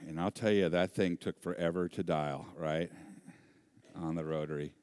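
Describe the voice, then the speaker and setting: A middle-aged man preaching a sermon, telling a personal story in an animated, humorous way and acting out voices and sounds. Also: low voice, moderate pace, no room sound, clean studio sound. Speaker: pastor.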